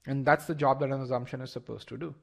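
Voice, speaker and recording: A man's voice: mid-range voice, steady tone, fast talker, creaky. A man teaching a live online test-prep class, explaining step by step, repeating words as he thinks and asking the audience for responses.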